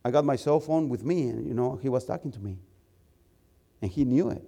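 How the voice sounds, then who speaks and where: A male preacher and missionary telling a story in a sermon, animated and repeating words as he gets excited. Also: mid-range voice, fairly quick, vocal fry, slightly rough.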